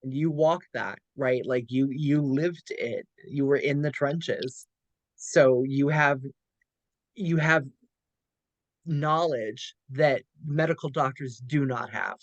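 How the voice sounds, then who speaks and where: A woman's voice: extremely low pitch, takes it slowly, no echo, highs cut off. A woman hosting an interview and speaking as a fellow cancer survivor, in an earnest, encouraging way with frequent stammered repeats. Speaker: host, also a cancer survivor. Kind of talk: casual interview chat.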